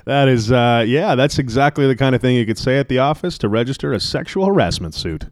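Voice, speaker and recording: A man's voice: mid-range voice, lively intonation, fairly quick, slight background noise. A man co-hosting a casual podcast, rambling and joking with lots of restarts and fillers. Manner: rambling, jokey, many restarts. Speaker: podcast co-host.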